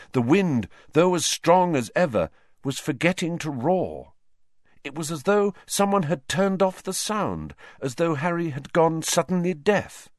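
A man's voice: a little high, no room sound. A male reader narrates a story with lots of movement in his voice, rising and falling through the scenes. He voices each character himself. The sound is dry and close, with no room around him. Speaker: audiobook reader.

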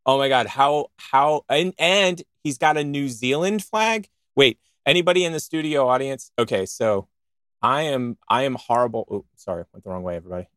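A man in the middle of casual show banter, excitable and jokey, rambling from one thought to the next. His voice sits at an everyday pitch and sounds dry and close, with no room around it. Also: normal speed, dry recording. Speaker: co-host of a podcast show.

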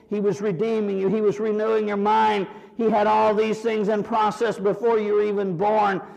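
A man preaching a sermon, animated, often acting out prayers and rising to shouts. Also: high voice, vocal fry. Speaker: pastor. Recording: 1980s church recording with long hall reverb.

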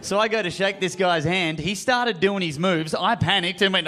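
A young Australian man with an Australian accent doing an animated, self-mocking stand-up routine on a comedy club stage. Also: sits high, normal speed, few pauses, noisy background. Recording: live club with crowd laughter.

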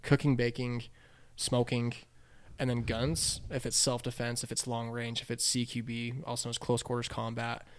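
A man hosting a podcast, telling stories in casual chat, animated and laughing often. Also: mid-range voice, normal speed, clear, resonant tone. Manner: animated storyteller, laughs a lot, says dude. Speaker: podcast host.

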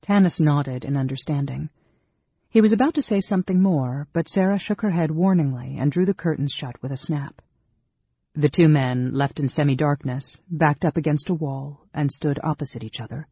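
Mellow, husky audiobook narrator. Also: male voice, on the high side, dry recording. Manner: steady, measured reading. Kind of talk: scripted narration. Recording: dull, dry studio sound.

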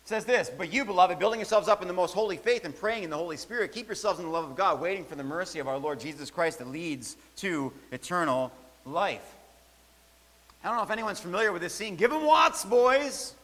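Male preacher, bright forceful tone, emphatic repetition, long church reverb. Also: high-pitched, expressive, fast. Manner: emphatic, repeats key phrases. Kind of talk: sermon.

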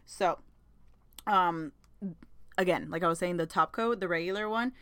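A woman's voice: fairly low pitch, normal speed, a bit bright, clear, resonant tone, dry recording. Chatty young woman, dry close sound. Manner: rambling, chatty, swears freely, laughs often. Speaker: podcast host. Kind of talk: casual chat.

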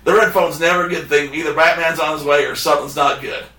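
Bright-voiced man telling a story. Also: fairly high pitch, quick pace, echoey room, far from the mic. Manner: animated, acts out quotes of others. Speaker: podcast host. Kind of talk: casual storytelling chat.

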